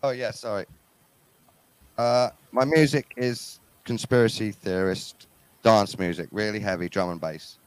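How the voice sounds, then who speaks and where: A man from England with an English accent, a musician guest in a casual interview, talking quietly with dry, wry humor. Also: lowish voice, steady tone, measured pace, clear, resonant tone, poor audio. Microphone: headphones and mic, remote link.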